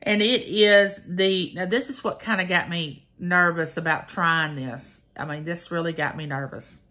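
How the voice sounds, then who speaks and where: A woman's voice: lowish voice, a little slow, sharp tone. A woman, chatting folksily to her viewers in a casual taste-test vlog. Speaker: vlogger.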